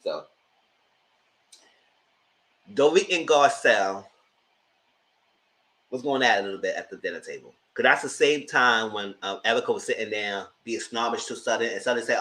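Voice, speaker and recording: A man hosting a live TV review, giving sassy, animated commentary straight to his viewers. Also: lowish voice, normal speed, pauses often, rough recording. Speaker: TV review host.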